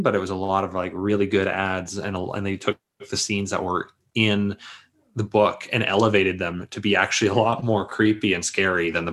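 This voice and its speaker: A man with a fairly low voice, chatting casually on a podcast. He speaks in a relaxed way and scatters "like" and "um" through his sentences. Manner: relaxed, filler-heavy with lots of "like". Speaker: podcast co-host. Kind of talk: casual chat.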